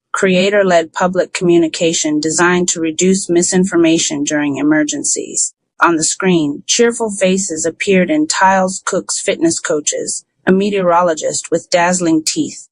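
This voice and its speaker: A narrator reading a first-person story in an even, unhurried way, in the style of an audiobook. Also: mid-range voice, no room sound, poor audio.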